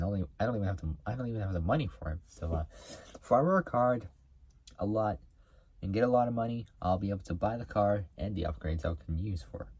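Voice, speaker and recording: A man's voice: fairly low pitch, mellow, breathy edge, no echo. A man hosting a car video, talking casually to camera in a rambling way, full of fillers and restarts.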